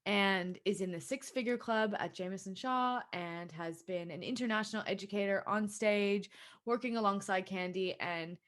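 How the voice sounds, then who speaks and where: A woman's voice: mid-range voice, moderate pace, a bit bright. A woman with an Australian accent, hosting a podcast and chatting casually through an intro with loose, rambling asides. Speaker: podcast host.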